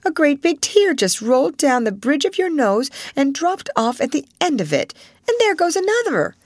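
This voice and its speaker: A woman's voice: high voice, very animated, moderate pace, no room sound, clean studio sound, pitched above the performer's own voice. Jessie, a woman doing a curious, blunt little schoolgirl. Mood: prying. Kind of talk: audiobook reading of a classic novel.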